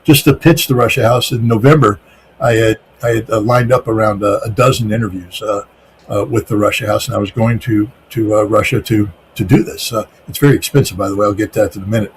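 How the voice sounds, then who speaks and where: A man's voice: on the low side, steady tone, fast, slight background noise. A man from the United States answering interview questions, speaking emphatically with repeated words and frequent restarts. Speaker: guest.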